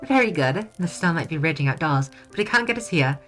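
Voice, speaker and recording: A woman voicing a sweet, playful young princess in a soft, coaxing, slightly hoarse voice while reading a visual novel aloud. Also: sits low, expressive, fairly quick, faint music behind, pitched above the performer's own voice. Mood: tender.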